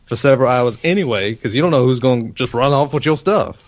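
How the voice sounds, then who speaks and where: A man's voice: medium pitch, lively intonation, fast, dry recording. A man in casual podcast chat, matter-of-fact, with stumbling restarts. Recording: dull lo-fi sound.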